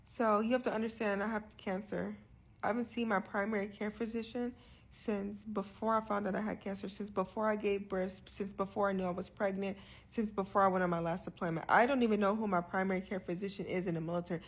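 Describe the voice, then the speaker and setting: A woman's voice: mid-range voice, fairly even intonation, fast. A young woman talking candidly to her viewers in a vlog, earnest and frustrated, often restarting her sentences. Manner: frequent restarts and repeated words. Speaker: vlogger sharing her health journey. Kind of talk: candid direct-to-camera vlog.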